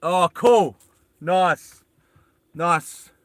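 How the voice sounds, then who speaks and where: An Australian man talks casually to a live audience from inside a small van, wandering between thoughts and calling out greetings to viewers. His voice sits a little high and sounds bright and forceful. The sound is close and dry. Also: extremely slow, no room sound. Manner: rambling, greets viewers and answers chat aloud. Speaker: live streamer. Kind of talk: casual livestream chat.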